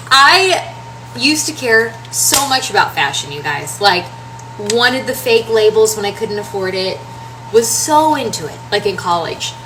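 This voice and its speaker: A woman in her thirties, a home renovation designer and social media creator, chats casually and ramblingly with her followers, full of fillers and restarts. Her mid-range voice swings widely in pitch and runs a little slow. She sits somewhat distant from the mic, with faint room noise behind her.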